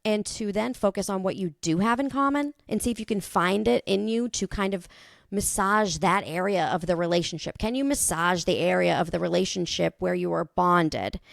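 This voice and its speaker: A woman in her thirties hosting a podcast, thinking out loud in a rambling, casual monologue with the odd swear. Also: mid-range voice, vocal fry, no room sound, clean studio sound. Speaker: podcast host.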